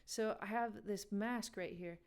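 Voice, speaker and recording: A woman's voice: medium pitch, measured pace, darkish tone, clean tone. Chatty woman hosting a music game. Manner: chatty, laughing, talks to chat. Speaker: livestream game host. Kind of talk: casual livestream chat.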